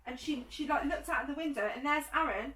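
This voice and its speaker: A woman's voice: sits high, fast talker. A woman co-hosting a podcast, telling stories in casual chat and acting out other people's voices as she goes. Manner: animated storyteller who acts out other people's voices. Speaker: podcast co-host. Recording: roomy, distant from the mic.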